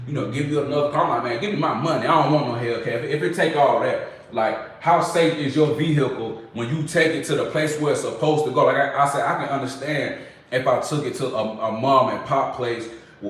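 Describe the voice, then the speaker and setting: A young man, talking casually to his viewers in an animated, slangy storytelling manner. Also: medium pitch, distant mic. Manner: animated, loose slangy storytelling with sound effects. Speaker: vlogger. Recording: very echoey room, from off-mic.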